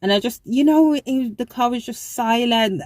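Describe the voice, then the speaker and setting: Woman, young adult, casual storytime, rambling, fillers, slightly high voice. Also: moderate pace, darkish tone, dry recording, rough recording. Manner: chatty, rambling, many fillers. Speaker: vlogger.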